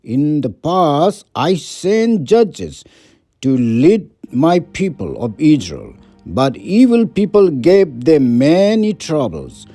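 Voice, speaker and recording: A man reading the words of a solemn male deity making promises, slow and measured. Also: on the high side, very animated, warm tone, dry recording, soft background music, full character voice.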